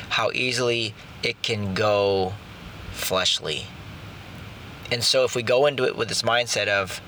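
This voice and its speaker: A man in his thirties hosting a casual faith podcast, talking in halting bursts with restarts and slowed, drawn-out emphasis. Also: mid-range voice, bright, forceful tone, slight background noise. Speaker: podcast host. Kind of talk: casual devotional podcast talk.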